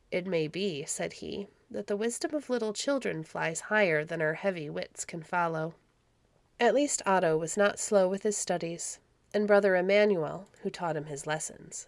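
A woman narrating an old storybook in a steady, measured reading on a close mic. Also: medium pitch, no echo. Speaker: audiobook narrator.

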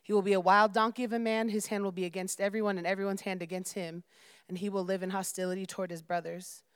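Woman reading a solemn heavenly messenger, plain and smooth. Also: medium pitch, little pitch movement, quick pace, dry recording, clean studio sound, close to an everyday voice. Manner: read aloud as scripture.

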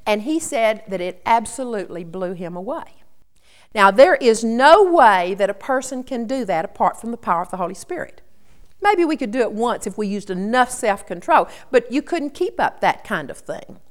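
A woman's voice: a little high, big pitch swings, normal speed. A woman preaching a sermon in an earnest, storytelling teaching tone.

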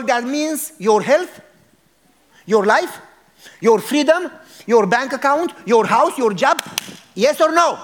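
Man, pastor, sermon, dramatic storytelling, high voice, questions to the congregation. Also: animated, unhurried, a little hiss or hum.

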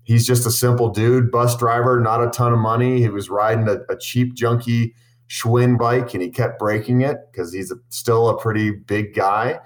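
A man's voice: mid-range voice, steady tone, normal speed. A man who makes cycling videos, answering interview questions with long, earnest, enthusiastic stories, full of restarts. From Boulder, Colorado. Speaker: cycling content creator.

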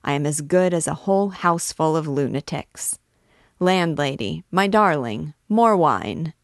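A woman's voice: deep voice, animated, a little slow, no room sound, clean studio sound. A woman reading as a swaggering drunk young student. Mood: merry. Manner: swaggering, mock-grand declaiming. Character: rowdy boastful young male student, drunk.

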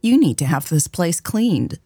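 A woman's voice: lowish voice, sing-song, measured pace, warm tone, slightly rough, dry recording, studio quality, heavily acted. A woman reading the lines of a poised, wealthy older mother who scolds her grown daughter. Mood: disapproving.

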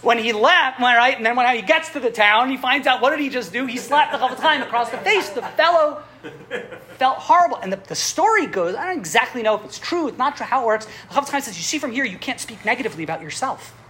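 A woman teaching a class on Jewish history, telling stories in an animated way with frequent chuckles and restarts. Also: high-pitched, fast. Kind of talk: classroom lecture with storytelling. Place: classroom with students.

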